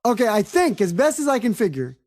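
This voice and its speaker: High-voiced woman chatting with swearing. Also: sing-song, brisk, a little mellow. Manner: enthusiastic, swears casually. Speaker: podcast co-host. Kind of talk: casual chat.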